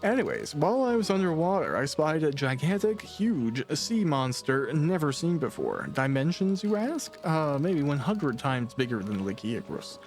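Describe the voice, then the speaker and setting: A man's voice: fairly high pitch, wildly swooping pitch, normal speed, few pauses, faint music behind, voice pushed up. A man voicing Cha-Cha, a small male masked creature who brags and exaggerates in broken pidgin. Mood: bragging. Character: bragging tall-tale-telling small male masked creature.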